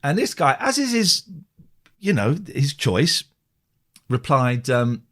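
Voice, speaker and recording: A man, a radio presenter, telling stories in a casual interview, animated and swearing freely as he acts out what he said. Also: medium pitch, takes it slowly, pauses often. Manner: animated storyteller who acts out his own quoted lines, swears freely.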